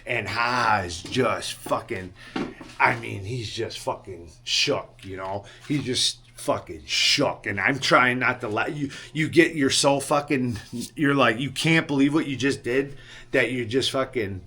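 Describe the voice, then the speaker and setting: A man recounts a story in loose, rambling fashion, full of swearing and little check-ins with the listener. His voice is bright and forceful at a middling pitch, and the tone stays sheepish and rueful. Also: measured pace, slightly rough. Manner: rambling, swears often, keeps asking "right?". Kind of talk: casual storytelling to camera.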